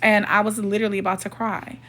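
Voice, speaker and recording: A storytime vlogger talks fast in a level tone, her medium-pitched voice fairly bright. She recounts a personal story casually, emphatically and indignantly, acting out quoted dialogue for the people in her story.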